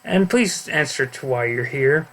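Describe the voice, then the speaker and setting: A man's voice: medium pitch, animated, measured pace, a bit bright. Mark, a man doing a hesitant young writer. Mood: plain. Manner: plain, hesitant. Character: young adult man, patient but exasperated writer. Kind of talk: amateur story reading.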